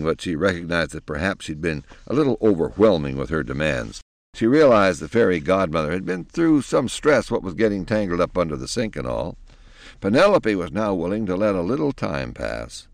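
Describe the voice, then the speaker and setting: Deep-voiced man reading a storybook. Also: brisk, gravelly, no echo. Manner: expressive, animated reading. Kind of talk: storybook narration.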